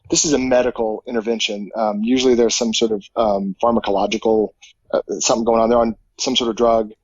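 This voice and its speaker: A man's voice: lowish voice, darkish tone, breathy edge, dry recording, muffled recording. A man, a professor and firefighter, answering interview questions in a casual, thoughtful way with many fillers and restarts. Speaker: psychology professor and firefighter guest.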